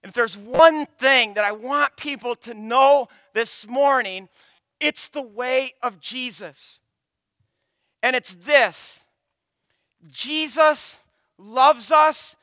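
A man preaching a sermon as a pastor, swinging from loud emphatic lines to hushed, almost whispered ones. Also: very high-pitched, slow, no room sound.

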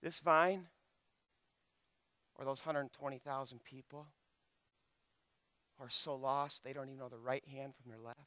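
A man preaching a sermon, swinging from loud, impassioned pleading to quiet, hushed asides. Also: mid-range voice, fairly even intonation, measured pace, long pauses, no room sound.

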